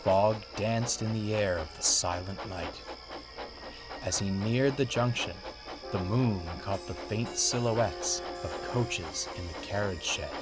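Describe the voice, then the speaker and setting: A man narrating a read-aloud story in a measured, expressive way. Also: fairly low pitch. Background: music.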